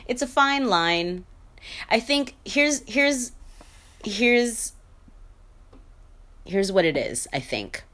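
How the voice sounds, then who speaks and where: A woman's voice: sits low, a bit bright. A woman hosting her own podcast, talking through her opinions in a candid monologue with frequent fillers, restarts and small laughs. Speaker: podcast host.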